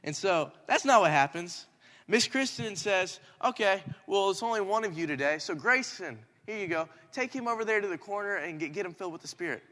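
Animated young man preaching in a hall. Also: sits high, a little fast. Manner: animated, talks in circles, rising to shouts. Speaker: youth minister. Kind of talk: sermon storytelling. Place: church hall. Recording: hall reverb.

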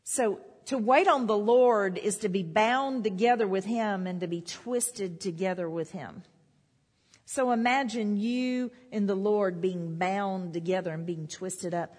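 A woman's voice: mid-range voice, unhurried, darkish tone. A woman preaching a sermon, repeating declarations with rising emphasis. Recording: long hall reverb.

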